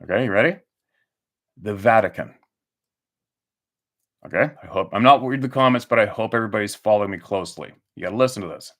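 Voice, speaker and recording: A man's voice: fairly low pitch, fast, pauses often, a bit bright. A man hosting his own channel, delivering an angry, profane monologue full of restarts and rhetorical questions. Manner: heated, profane, repetitive ranting. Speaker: channel host.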